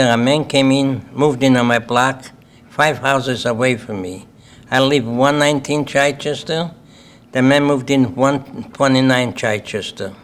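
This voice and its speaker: An older man from Lithuania with a Lithuanian accent, giving a plain-spoken personal testimony to an audience at a symposium and often checking in with "okay?". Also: medium pitch. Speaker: Holocaust survivor speaker. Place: symposium hall.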